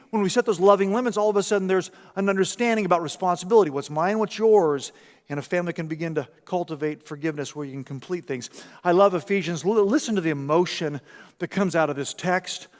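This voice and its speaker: A man preaching a sermon in a church, animated, acting out everyday scenes and often repeating words. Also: high voice, fast talker, long reverb tail. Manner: animated, acts out parent and commercial voices, repeats words. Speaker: pastor. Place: church sanctuary.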